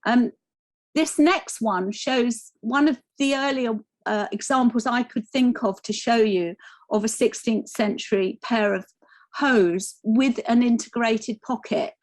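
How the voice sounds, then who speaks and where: A woman with a somewhat high voice delivers a scholarly lecture, walking the audience through slides. She speaks thoughtfully, often pausing with ums and restarting phrases as she searches for words. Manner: hesitant, many ums and restarts. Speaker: conference speaker.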